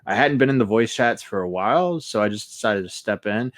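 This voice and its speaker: A man hosting a casual podcast, telling a story with lots of swearing and an animated delivery. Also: fairly low pitch, brisk, no echo, clean studio sound. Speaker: podcast host and moderator.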